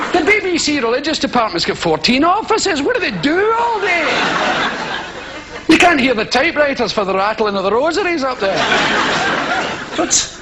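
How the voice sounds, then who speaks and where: High, lively Scottish comedian. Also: male voice, noisy background. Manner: animated storytelling, shouted exclamations. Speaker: stand-up comedian. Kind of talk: live stand-up comedy. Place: theatre stage before an audience. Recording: live show with loud audience laughter.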